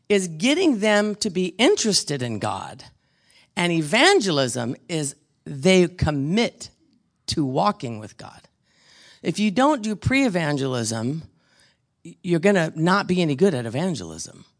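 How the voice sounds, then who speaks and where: Woman teaching a bible class, gravelly voice, rambly and chatty, lots of restarts. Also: deep voice. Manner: chatty storytelling with frequent restarts. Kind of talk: casual Bible study teaching.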